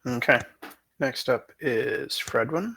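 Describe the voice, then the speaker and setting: Guy dm with a gravelly voice, just calling hits and turns. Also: medium pitch, expressive, slow, bright, forceful tone. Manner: matter-of-fact, asks rules questions. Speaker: game master. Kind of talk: running a tabletop game.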